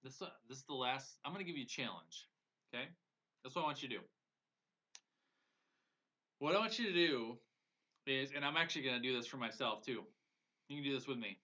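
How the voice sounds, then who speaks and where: A man's voice: mid-range voice, a little fast, pauses often, sharp tone. A man coaching viewers on a live broadcast in an earnest, emotional way, often repeating phrases for emphasis. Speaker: business coach. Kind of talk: live-streamed motivational coaching. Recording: dull lo-fi audio.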